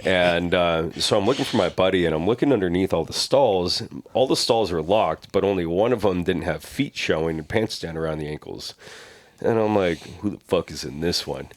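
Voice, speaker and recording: A man with a very low voice hosts a loose podcast conversation, throwing himself into his stories and acting out what people said. The sound is dry and close. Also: no echo. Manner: animated storyteller, acts out quotes loudly. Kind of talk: casual podcast chat.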